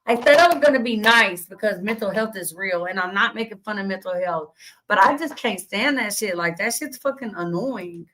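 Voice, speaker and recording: In a heated, profanity-laced rant to her stream chat, a young adult woman hosting a livestream is blunt and indignant, cursing constantly, reading chat aloud, and posing indignant questions. Her mid-range voice is expressive and a bit bright at a moderate pace, with poor audio.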